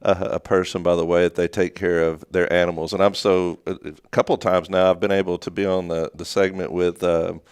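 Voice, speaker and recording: A man's voice: low voice, flat delivery, brisk, hardly any pauses, darkish tone, smooth, dry recording, studio quality. A man co-hosting a local morning show, telling a long story in a rambling, casual way with many restarts. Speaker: co-host. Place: small studio.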